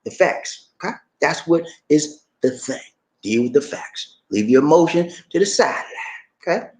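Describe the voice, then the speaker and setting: A man giving animated, preachy commentary on a news story, playful and repetitive, with questions for his audience. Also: on the high side, normal speed. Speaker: commentary channel host.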